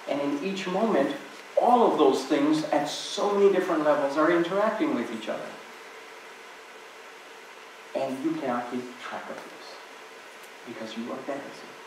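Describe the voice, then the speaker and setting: A man gives a reflective spiritual talk in a temple hall, weaving stories into it in an easy, conversational way. His voice sits a little high, and it reaches the microphone from some distance. The hall adds heavy echo and a faint hiss. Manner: conversational storytelling.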